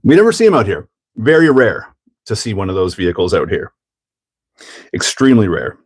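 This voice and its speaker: A man's voice: on the low side, wildly swooping pitch, a little fast, slightly rough. A man hosting a hobby livestream in casual chat, joking, laughing often and answering chat as he builds a kit.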